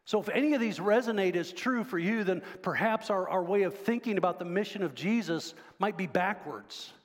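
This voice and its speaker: High-voiced pastor preaching. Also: male voice, fairly quick. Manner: conversational, asks the congregation questions. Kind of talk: sermon. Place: church sanctuary. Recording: long hall reverb.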